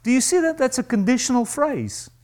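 A male pastor preaching a sermon to a congregation, emphatic and animated, acting out the voices he quotes. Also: extremely high pitch, a little fast.

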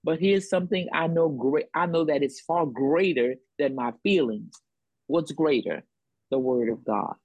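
A woman preaching in a call-and-response rhythm, leaning on repeated phrases to drive each point home. Her voice is breathy and soft-edged. The sound is dry and close, with no room around it. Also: deep voice, unhurried, no room sound, highs cut off. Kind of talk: sermon.

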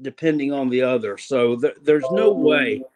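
A man co-hosting a sports talk show, talking in halting bursts full of "I mean.". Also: medium pitch, lo-fi sound. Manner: hesitant, many "I mean" fillers.

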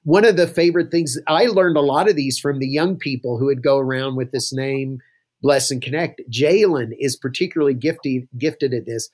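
A man's voice: mid-range voice, moderate pace, darkish tone. A man, a pastor, telling anecdotes as a guest in a casual podcast interview, chuckling now and then. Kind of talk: conversational storytelling interview.

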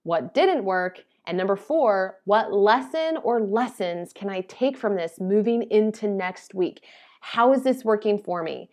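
A woman's voice: mid-range voice, lively intonation, a little slow, darkish tone. Woman, podcast host, solo casual talk, chatty, upbeat, tired. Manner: chatty and upbeat, laughs at herself. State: tired from little sleep.

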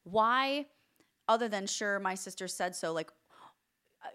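A woman's voice: mid-range voice, a little slow, pushed and bright, smooth. A woman hosting an interview podcast, talking with emphatic enthusiasm and praise for her guest. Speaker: podcast host. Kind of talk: interview conversation.

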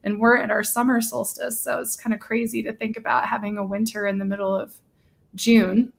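Woman, livestream co-host, gushing, chatty, slightly high voice. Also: flat delivery, brisk, gravelly. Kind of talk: casual livestream chat.

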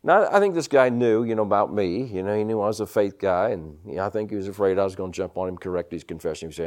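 A man's voice: on the low side, fast, hardly any pauses. A man preaching a sermon, telling personal stories and punctuating them with amens and hallelujahs. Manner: animated storytelling with frequent amens and hallelujahs.

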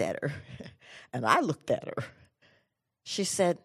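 A middle-aged woman with a low, grounded voice tells an audience a story from her youth. She moves between bright, energetic passages and hushed, slow moments that land her point. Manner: animated storyteller, drops to quiet low tones for emphasis. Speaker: inspirational speaker. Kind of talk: personal storytelling talk to an audience.

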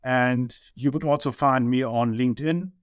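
A middle-aged man with a German accent, a business owner talking as a guest in a casual interview, halting and repeating words with many ums. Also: mid-range voice, clean tone, no room sound, clean studio sound.

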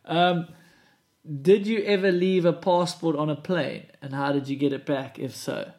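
A man interviewing a guest in a relaxed way, amused and reading out questions. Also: a little high, unhurried. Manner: amused, laughs along.

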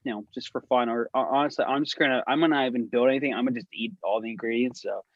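A young man co-hosts a podcast, a casual chat among friends, rambling through stories full of filler words and restarts. His mid-range voice is husky and racing, and the audio sounds dull.

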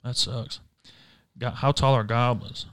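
A man's voice: medium pitch, fairly even intonation, a little slow, a bit bright, dry recording, clean studio sound. A man on a casual podcast who pokes holes in his friends' stories with blunt, teasing questions.

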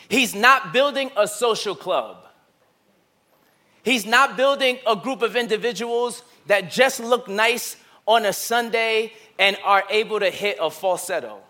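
A male pastor preaching a sermon, moving between loud emphatic bursts and hushed, slow, intimate passages. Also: high voice. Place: church sanctuary.

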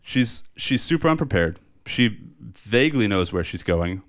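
A man's voice: on the low side, a little slow. A man co-hosting a podcast in casual chat, ranting and swearing as he talks. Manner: ranting, profane, animated. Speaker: podcast co-host.

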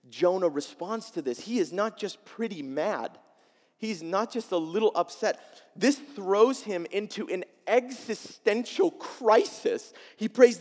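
A male pastor preaching a sermon, expressive, moving between loud emphasis and quiet asides. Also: sits high, takes it slowly. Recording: long reverb of a large hall.

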